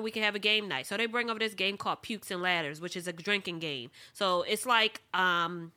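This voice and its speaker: A woman's voice: mid-range voice, moderate pace, bright, forceful tone. A woman, telling a story in casual chat with wry asides.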